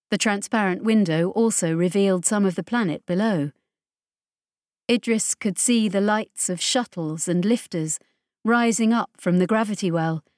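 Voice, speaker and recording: A woman narrating a science fiction audiobook in a steady, measured way. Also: fairly low pitch, no room sound, clean studio sound. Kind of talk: scripted narration.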